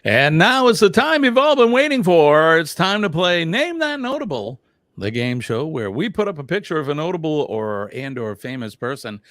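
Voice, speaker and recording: Big high game show announcer guy, a man hamming it up, loud and drawn out. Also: no echo.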